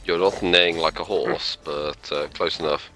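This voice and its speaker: A man's voice: a bass voice, fairly even intonation, normal speed, bright, forceful tone. A man chatting with friends during a co-op game, making dry, laid-back quips. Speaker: co-op player and friend. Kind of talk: casual chat while gaming.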